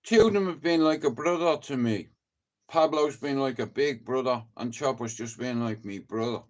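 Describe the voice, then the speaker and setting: A man's voice: mid-range voice, moderate pace. A man with a Dublin accent, rambling and swearing through a casual live-stream chat. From Ireland. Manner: rambling and heavily profane, chatty storytelling.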